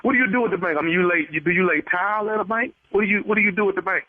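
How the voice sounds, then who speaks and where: High-voiced male radio prankster, stammering and dry, with a phone-like sound. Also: racing, no room sound. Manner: stammering, playing dumb, repeats "hey".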